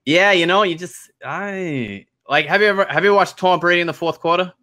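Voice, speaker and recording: A man hosting a relaxed interview chat. His voice is bright and forward, and he talks in a loose, easygoing way, laughing often and letting thoughts trail off. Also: high voice, a little fast. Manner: laid-back, laughs easily, trails off. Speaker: host.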